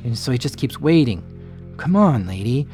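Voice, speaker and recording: A man narrating a true story as a podcast host, calm and measured, explaining technical terms plainly. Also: medium pitch, faint music behind. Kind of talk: scripted true-crime narration.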